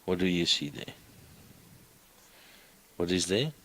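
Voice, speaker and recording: Slow, deep-voiced teacher. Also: male voice, expressive, pushed and bright, poor audio. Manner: questioning, coaxing students. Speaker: Greek teacher. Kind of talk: classroom lecture. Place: classroom.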